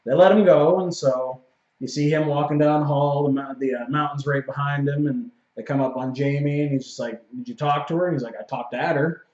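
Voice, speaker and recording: A man's voice: fairly high pitch, fairly even intonation, brisk, a little mellow. A man co-hosting a casual TV recap, agreeing often and retelling scenes in his turn. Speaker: show co-host. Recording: echoey room, dull lo-fi sound.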